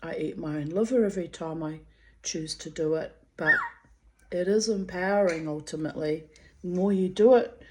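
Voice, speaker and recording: A woman's voice: fairly low pitch, slight background noise, rough recording. A middle-aged woman, candidly chatting and reading her own diary aloud, in a rambling way. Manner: slow, candid, rambling, talks to her pet bird. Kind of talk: casual chat and diary reading.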